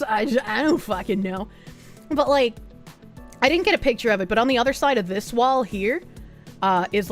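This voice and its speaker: A woman streamer chatting casually to her viewers, rambling, swearing freely and reading chat aloud. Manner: squeals high when laughing. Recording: faint music behind.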